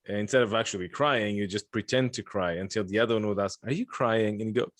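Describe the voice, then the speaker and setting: Low-voiced joking male podcast host. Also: fast, dry recording. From Lithuania. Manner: rambling, joking, frequent restarts. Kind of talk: casual chat.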